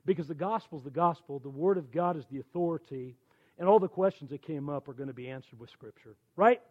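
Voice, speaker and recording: A man in his sixties, a church elder, telling conversion stories in a folksy, animated sermon. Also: on the high side, brisk, highs cut off. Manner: animated, folksy storytelling with quoted dialogue. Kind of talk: storytelling sermon.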